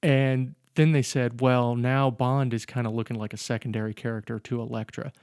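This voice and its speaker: A man's voice: medium pitch, little pitch movement, moderate pace, a little mellow, clear, resonant tone, no echo, studio quality. A man co-hosting a casual podcast about films, rambling and correcting himself as he jokes through the plot. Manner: rambling, self-correcting, joking. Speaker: podcast co-host. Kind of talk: casual film discussion.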